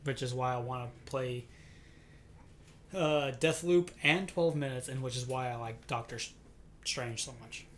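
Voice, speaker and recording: Animated man retelling a trailer. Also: mid-range voice, a little slow, slight background noise. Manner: animated storyteller, acts out quoted lines. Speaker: podcast co-host. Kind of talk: casual chat.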